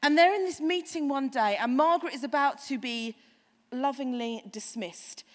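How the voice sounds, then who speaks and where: A woman pastor giving a sermon, chatty and animated, with playful asides to the congregation. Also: high voice, normal speed, in a large hall.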